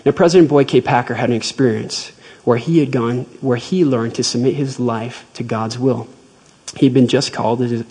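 A man giving a devotional talk, retelling a personal faith story in a measured, earnest way. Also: medium pitch, darkish tone, breathy edge, poor audio.

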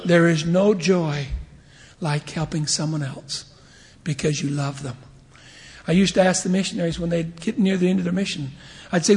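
A man's voice: a little high, normal speed, in a large hall. A man in his fifties giving a humorous sermon, telling stories and acting out the voices of the people in them. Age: 50s. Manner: animated storyteller acting out voices, chuckling often. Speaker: church leader giving a devotional talk.

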